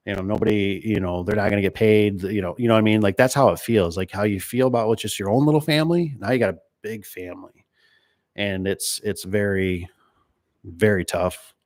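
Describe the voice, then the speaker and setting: A man talks about running his small business in a loose, rambling way, dropping in fillers and acting out old conversations in quotes. His voice sits a little low. It is recorded close and dry, with no room sound. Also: a little fast, a little mellow, no room sound. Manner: rambling, conversational, lots of fillers and "right?" tags; retells conversations in quoted dialogue. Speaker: door and gate business owner. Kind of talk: casual chat.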